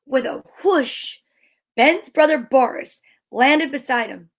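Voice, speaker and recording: A woman reading a children's picture book aloud, gentle, with whispered asides. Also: high voice, animated, slow. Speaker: storyteller.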